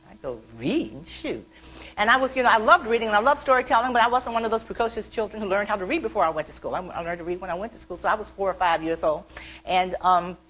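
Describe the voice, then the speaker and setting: A middle-aged woman from the American South, an author telling animated stories about her childhood at a library event. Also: mid-range voice, racing, poor audio. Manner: chatty, animated, acts out childhood quotes. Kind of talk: storytelling talk.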